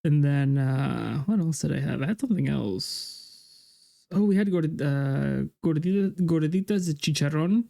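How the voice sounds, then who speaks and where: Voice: mid-range voice, lively intonation, moderate pace, vocal fry, warm tone. A chatty streamer talking casually while playing a game, laughing between lines. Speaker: streamer reading a game aloud. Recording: game music playing behind.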